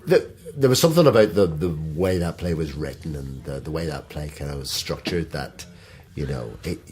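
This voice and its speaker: A middle-aged man, an actor, chatting as a podcast guest with an animated, self-deprecating humor and frequent laughter. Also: a bass voice, normal speed. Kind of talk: casual conversational interview.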